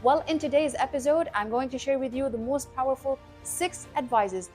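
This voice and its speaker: A woman's voice: high-pitched, moderate pace, faint music behind. Emphatic woman coaching public speaking. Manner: energetic, emphatic, repeats key points. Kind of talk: scripted educational talk to camera.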